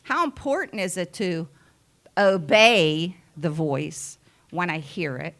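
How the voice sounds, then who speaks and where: A woman from the United States preaching a sermon in an unhurried, conversational way with many asides. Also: fairly low pitch, a bit bright.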